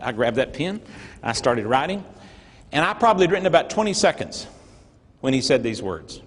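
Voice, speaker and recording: A man's voice: medium pitch, lively intonation, fast talker, slightly rough, big-room sound. A middle-aged man from North Georgia, an earnest, folksy motivational speaker telling a story to a live audience. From North Georgia, USA. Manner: earnest, folksy storyteller with emphatic swings in loudness.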